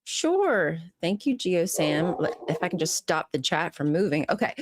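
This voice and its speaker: A woman's voice: on the low side, sing-song, normal speed, noisy background. A woman co-hosting a casual live stream, bantering playfully and giggling. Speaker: co-host.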